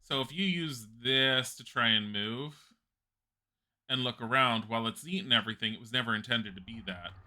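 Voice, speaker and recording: A man's voice: medium pitch, moderate pace, sharp tone. A man streaming a video game live, rambling and chatty in casual commentary, laughing often and swearing casually.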